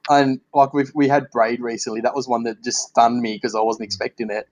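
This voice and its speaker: A man's voice: medium pitch, flat delivery, a little fast, darkish tone, muffled recording. A man hosting a casual podcast interview, chatting candidly and swearing and laughing freely. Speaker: podcast host.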